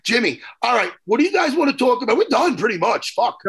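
Gravelly, excitable New man. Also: very high voice, fast talker. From New York. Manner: profane, rambling storyteller. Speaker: podcast host. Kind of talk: casual chat.

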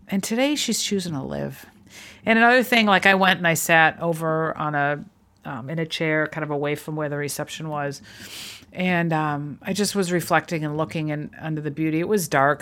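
A woman's voice: low-pitched, fairly bright tone. A middle-aged woman hosting a solo podcast, speaking earnestly and encouragingly to her listeners. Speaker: podcast host. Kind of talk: reflective solo podcast talk.

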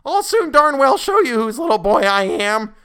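A man voicing a hot-headed boy general with a shrill treble, indignant and shouting orders. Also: big pitch swings, normal speed, clean tone, heavily acted.

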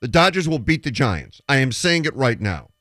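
A man's voice: mid-range voice, sing-song, normal speed, fairly bright tone, no room sound, clean studio sound. A man hosting sports talk radio, making emphatic predictions and retelling stories with quoted dialogue.

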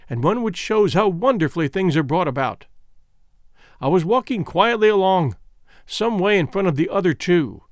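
A man reading a first-person adventure audiobook in a measured storytelling way. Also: sits high, no echo, clean studio sound. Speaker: audiobook narrator. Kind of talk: scripted narration.

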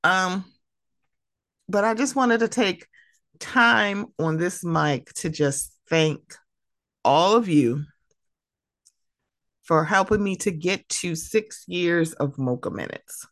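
A woman hosting her own podcast in a casual, animated, emotional way, laughing often. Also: lowish voice, slow pace, pauses often, no room sound, clean studio sound. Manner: animated, laughing, emotional, mimics friends' voices. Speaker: podcast host. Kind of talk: casual solo podcast talk.

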